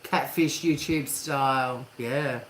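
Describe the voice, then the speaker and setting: A woman's voice: rumbling low, steady tone, slow pace. A woman hosting a casual live chat with viewers, talking candidly and swearing freely. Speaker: livestream host. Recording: echoey room with faint hum.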